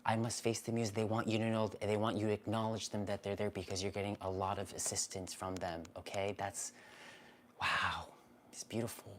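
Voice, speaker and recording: Low, gentle male reader for a live stream, soothing, with a faint hiss behind him. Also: completely flat delivery, fast, hardly any pauses. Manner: gentle, soothing, repeats himself. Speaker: spiritual card reader, live stream host. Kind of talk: live-streamed intuitive reading.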